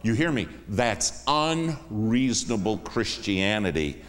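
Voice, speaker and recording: Man, deep voice, unhurried sermon, lively swooping delivery, long church-hall reverb. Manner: emphatic, swings from hushed to raised. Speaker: guest preacher. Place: church sanctuary.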